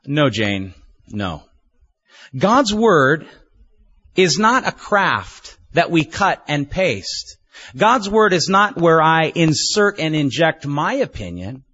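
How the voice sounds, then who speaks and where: A man preaching a sermon as a pastor, earnest and measured, leaning on repeated phrases for emphasis. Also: a little high, very animated, pushed and bright, slightly rough, muffled recording.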